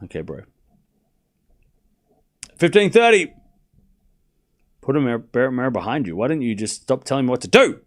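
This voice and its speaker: Man, mid pitch, very lively delivery. Streamer calling tennis live and bantering with chat in fake outrage. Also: fast, few pauses. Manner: playful mock outrage while reading viewer messages.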